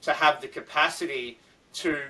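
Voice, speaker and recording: Bright-voiced man, off-mic. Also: fairly high pitch, moderate pace, far from the mic, low-quality recording. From Australia. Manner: explains with plain everyday examples. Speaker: podcast co-host. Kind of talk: casual chat.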